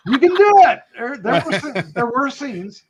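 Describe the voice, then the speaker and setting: A man's voice: extremely high pitch, big pitch swings, moderate pace, a loud crowd. A man hosting a review podcast in casual chat, upbeat and teasing, thanking listeners and leading the others through their turns. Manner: upbeat, teasing, self-correcting. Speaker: podcast host.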